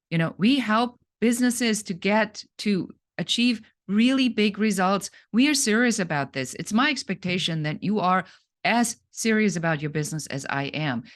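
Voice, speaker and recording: A woman business coach in middle age delivers a direct sales talk to camera. Her voice sits a little low, and she is blunt and earnest. She often stops and restarts her sentences. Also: a bit bright.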